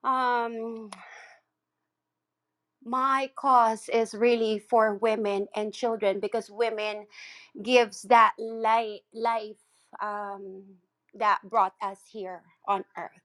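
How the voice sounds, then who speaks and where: A woman who works as a chakra healer, sharing in an earnest, spiritual way with many pauses. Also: fairly high pitch, level tone, a bit bright. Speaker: chakra healer speaking in an audio room. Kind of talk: heartfelt casual sharing.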